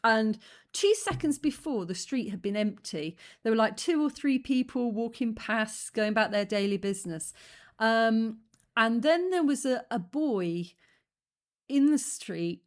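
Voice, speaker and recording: A woman's voice: fairly high pitch, lively intonation, unhurried. A woman hosting a reaction video, talking frankly in a casual, chatty way and laughing often. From abroad, lives in Rwanda since 2007. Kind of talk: casual commentary.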